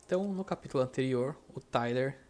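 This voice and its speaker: A man's voice: mid-range voice, fast talker, darkish tone. Casual upbeat man hosting a gameplay channel. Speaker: gaming channel host. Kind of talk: let's play commentary.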